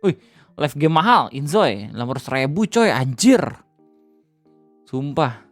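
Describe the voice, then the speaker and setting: A man's voice: fairly high pitch, sing-song, unhurried, no room sound. A man chatting casually on a reaction livestream, slangy, swearing offhand and laughing often. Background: faint music.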